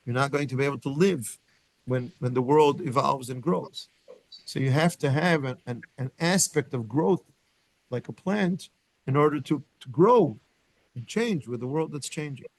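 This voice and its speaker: A man's voice: mid-range voice, normal speed, no echo. A man teaching a Torah class as a lecture, thinking aloud with frequent restarts and questions put to his students. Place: synagogue study room.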